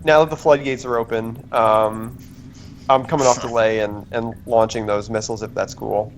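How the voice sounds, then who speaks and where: A man's voice: medium pitch, steady tone, moderate pace, slight background noise. A man playing a tabletop game, stating his plan tentatively with many fillers. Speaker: player. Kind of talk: tabletop role-play.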